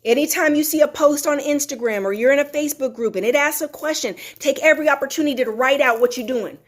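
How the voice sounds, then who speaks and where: A woman's voice: high voice, fast. A woman giving an emphatic, preachy motivational talk to her viewers, repeating her phrases for effect. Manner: reads viewer comments aloud. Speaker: motivational host.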